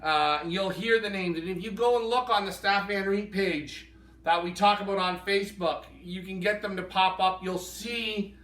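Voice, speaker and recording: A man's voice: high voice, fairly even intonation, moderate pace, fairly bright tone. A man co-hosting a live pigeon auction, enthusiastically appraising each bird he handles. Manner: enthusiastic, appraising birds in hand. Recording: roomy sound from a distance.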